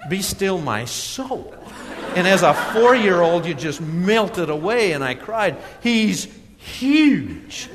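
Middle-aged guy preaching, fairly high voice, long hall reverb, chatty storyteller who trips over his words. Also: fairly bright tone, a little hiss or hum. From Minnesota. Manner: storytelling with laughs and restarts. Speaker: pastor. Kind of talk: sermon with personal story.

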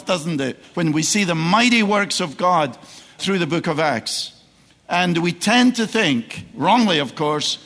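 A man's voice: fairly high pitch, fairly bright tone. A middle-aged man from Scotland with a Scottish accent, a guest preacher giving a sermon that moves from joking asides to emphatic preaching. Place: large church sanctuary. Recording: long church hall reverb.

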